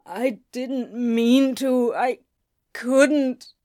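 A shaken, worn-out male demon stammers and trips over his words, as a woman reader puts him on. He speaks slowly and haltingly, breaking off mid-sentence in broken fragments. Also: high-pitched, fairly even intonation, warm tone. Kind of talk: audiobook fan fiction reading.

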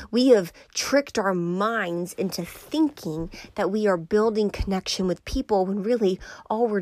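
A young woman from Georgia talks through a reflective personal monologue in an earnest voice. She often sinks into a soft whisper to stress a point. The sound is close and dry, with no room echo. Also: mid-range voice.

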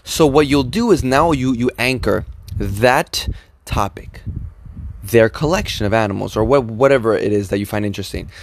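A man co-hosting a podcast, giving social advice in a casual, animated and rambling way. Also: medium pitch, moderate pace, a little hiss or hum. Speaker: podcast co-host.

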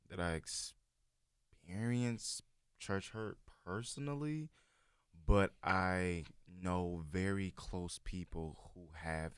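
A deep-voiced man talks easygoingly, full of "um" and "you know" as he tells a story. The recording is dry and close, with little room sound. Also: smooth, dry recording. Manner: relaxed, rambling storyteller with many fillers. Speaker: guest sharing his church experience. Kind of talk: casual chat.

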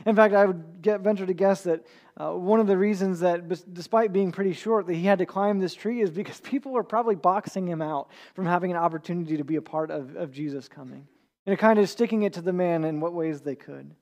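A man with a high voice preaching an earnest sermon. He speaks conversationally and now and then stumbles and repeats a word as he gathers his thought. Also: a little fast, a little mellow. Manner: earnest, with small restarts and repeated words. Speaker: pastor.

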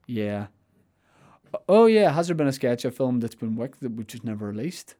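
A man's voice: medium pitch, brisk, dark tone. Rambling young man hosting a podcast. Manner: rambling, self-interrupting, with restarts and playful asides. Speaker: podcast host. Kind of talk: casual chat, answering listener questions.

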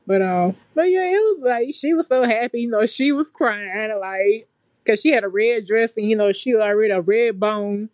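A young adult woman telling a story in a relaxed, chatty way, as a podcast guest. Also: a little high, moderate pace, no echo. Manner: relaxed, chatty and colloquial, with frequent fillers. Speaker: podcast guest, nursing graduate. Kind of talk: casual storytelling chat.

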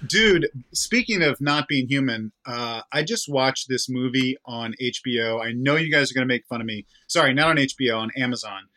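Excitable, bright-voiced man. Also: mid-range voice, normal speed, hardly any pauses. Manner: excitable, swears a lot, laughs often. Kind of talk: casual chat.

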